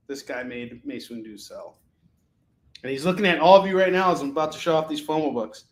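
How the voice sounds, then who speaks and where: A man hosting a live comic sales show, calling prices and boasting jokingly about his pitches. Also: reverberant, background noise. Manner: boastful, joking, rapid item calls.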